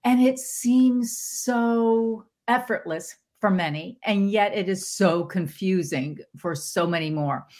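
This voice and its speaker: Woman, podcast guest, spiritual teacher, animated motivational delivery, medium pitch. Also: takes it slowly, hardly any pauses. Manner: animated, with sudden pitch jumps into quoted voices. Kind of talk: motivational talk.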